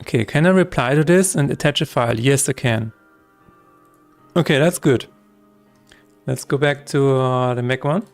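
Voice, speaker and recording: Man, game dev streamer, casual chat, thinking aloud, mid pitch, faint music behind. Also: moderate pace, pauses often, no room sound. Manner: thinking aloud, chatty, self-correcting. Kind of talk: live-streamed coding chat.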